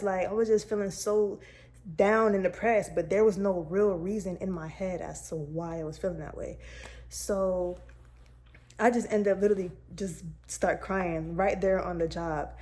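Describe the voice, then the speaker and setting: A woman's voice: medium pitch, normal speed, mellow. A young woman vlogger chatting candidly to her viewers, telling a personal story in a casual, direct way.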